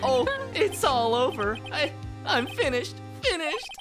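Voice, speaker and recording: A woman's voice: sits high, big pitch swings, measured pace, loud music behind the voice, voice pushed up. A woman voicing a melodramatic young man who wails in despair over his lost girlfriend. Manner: wailing, overwrought.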